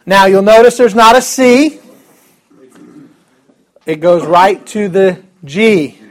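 High-voiced upbeat man teaching a class. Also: expressive, slow. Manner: upbeat, chatty, joking asides. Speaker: Greek teacher. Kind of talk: classroom lesson.

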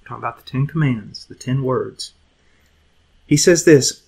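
A middle-aged man preaching an impassioned sermon, moving between loud emphasis and hushed, quiet lines. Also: medium pitch, a little slow, vocal fry, long pauses, breathy edge, rough recording.

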